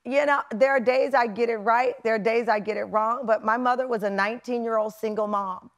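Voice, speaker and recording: High-voiced effusive woman talk show host. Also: fairly even intonation, a little fast. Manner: effusive, emphatic, laughs often. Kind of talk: casual interview chat. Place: TV studio with live audience.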